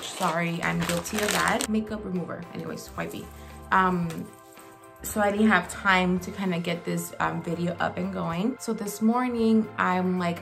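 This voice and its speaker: Woman, beauty vlogger, gushing casual chat, gravelly morning voice, faint music behind. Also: fairly low pitch, steady tone, moderate pace, a bit bright. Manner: chatty, gushing, talks while applying makeup. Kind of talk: casual makeup tutorial chat. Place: home makeup room.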